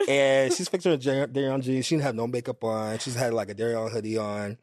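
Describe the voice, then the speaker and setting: A young man as a podcast guest, telling an animated, rambling story full of fillers. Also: medium pitch, fairly quick, no echo, clean studio sound. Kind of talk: casual storytelling chat.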